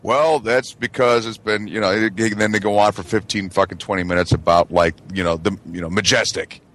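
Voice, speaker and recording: A man's voice: on the low side, fairly even intonation, brisk, a bit bright. A man co-hosting a talk radio show, ranting casually with lots of swearing and mocking. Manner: emphatic, swearing, mocking impressions. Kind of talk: casual profane chat.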